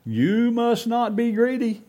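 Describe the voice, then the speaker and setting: A man's voice: very high voice, very animated, slow, warm tone, pitched above the performer's own voice, heavily acted. A man voicing a smug, lecturing male government agent in a told fable.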